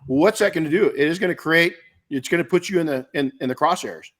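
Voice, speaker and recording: A man's voice: on the high side, fast talker, a bit bright. A middle-aged man from the United States hosting a podcast, answering listener questions in blunt, emphatic, repetitive coaching talk. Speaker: podcast host and detailing business coach. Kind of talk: casual Q&A advice talk.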